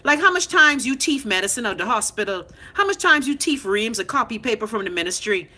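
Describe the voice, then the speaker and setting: A woman's voice: a little high, a little fast. A woman in her thirties with a Bahamian accent, ranting bluntly and profanely in a casual live chat while answering viewers. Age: 30s. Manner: blunt, profane, animated, talks back to commenters. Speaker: live-stream host reading comments. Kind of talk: unfiltered casual rant.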